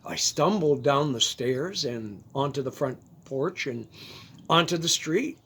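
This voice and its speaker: A storyteller narrating a first-person tale in a halting way, often repeating words. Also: medium pitch, expressive, a bit bright, a little hiss or hum.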